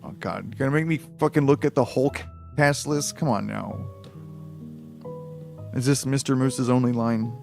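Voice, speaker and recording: A man reads a novel aloud on a stream in a casual, joking way and keeps breaking off to ramble and swear. His voice has a gravelly edge in a middle pitch. A quiet guitar plays faintly behind him. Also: normal speed, long pauses. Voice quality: profane, rambling asides. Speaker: streamer reading a book aloud. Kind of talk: casual comic reading with asides.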